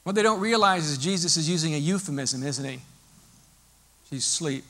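A male pastor preaching a sermon in a lively, storytelling way, explaining as he goes. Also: fairly high pitch, normal speed.

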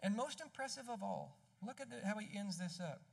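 A man with a notably high voice preaches a sermon, pressing each point home with emphasis. He keeps it conversational and throws rhetorical questions at the congregation as he goes. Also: lively intonation, brisk, creaky. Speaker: pastor.

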